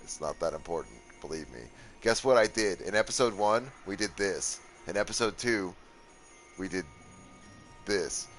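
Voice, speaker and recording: A man's voice: deep voice, lively intonation, normal speed, a bit bright, faint music behind. A young man streaming a game, tired and rambling, with sarcastic asides and lots of swearing. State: worn out from a long session. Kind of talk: casual gaming commentary.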